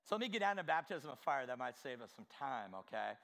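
A man preaching a sermon with fervor, asking the congregation direct questions and swinging from quiet asides to shouted exclamations. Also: mid-range voice, very animated, fast, gravelly. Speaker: pastor.

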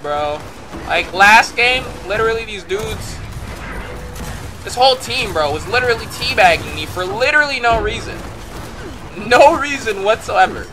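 A high-voiced man talks over his own gameplay, his pitch jumping all over as he curses and yells in bursts. Clear game noise runs under his voice the whole time. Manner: excitable and profane, bursting into shouts. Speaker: gameplay commentator. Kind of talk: live gameplay commentary.

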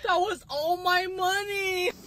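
A woman's voice: very high-pitched, steady tone, takes it slowly, bright, forceful tone, echoey room, slight background noise. A woman in a prank skit, reacting in a dramatic, exclaiming way.

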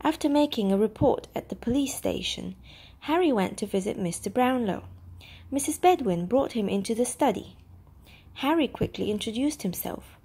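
A woman whose first language is Vietnamese, reading a classic storybook aloud in steady, clear narration. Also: a little high, normal speed. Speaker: storybook reader. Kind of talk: scripted narration.

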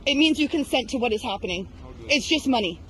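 A woman in her thirties confronting a news crew outdoors at a protest, accusing them with rapid rhetorical questions. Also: high-pitched, lively intonation, poor audio. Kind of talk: heated street confrontation.

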